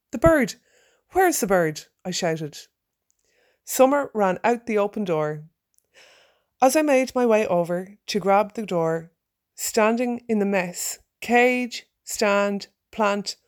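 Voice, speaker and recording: Woman telling a lively story. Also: mid-range voice. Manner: lively, acts out her own shouted quotes. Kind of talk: personal story reading.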